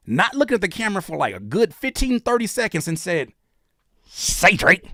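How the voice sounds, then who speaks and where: A man giving casual, joking reaction commentary as a YouTube host, animated and often dropping into quiet asides. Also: fairly high pitch, no room sound, studio quality.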